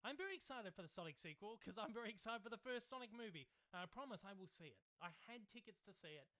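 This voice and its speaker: A man's voice: high voice, expressive, fast talker, pushed and bright. A young man hosting a casual livestream Q&A from home, rambling and chatty with lots of fillers. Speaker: YouTube channel host. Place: home, in Melbourne.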